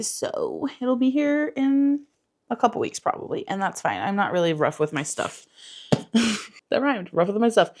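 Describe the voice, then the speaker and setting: A woman in her thirties chatting casually through her day at home in a rambling vlog, swearing now and then and cooing at her dog. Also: medium pitch. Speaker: vlogger. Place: home, indoors and in the yard.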